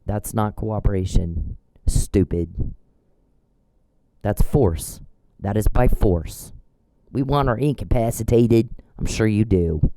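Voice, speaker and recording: A man with a low, mellow voice scolds an absent person in a long, profane rant. He is confrontational and repeats his demands again and again. The sound is dry and close. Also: takes it slowly, long pauses, no echo, rough recording. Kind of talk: angry monologue addressed to an absent person.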